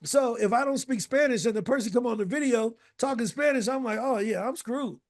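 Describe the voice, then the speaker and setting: A high-voiced man leads a casual online coaching call with lots of energy. He repeats points and keeps checking in with his listeners. He sounds like he is on a video call. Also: brisk. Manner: energetic, repetitive, fond of rhetorical "right?".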